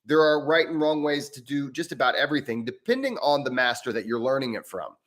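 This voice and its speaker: A man's voice: medium pitch, lively intonation, fairly quick, a bit bright. A man hosting a live Q&A as a breathwork coach, explaining in an earnest way and thinking aloud as he answers member questions.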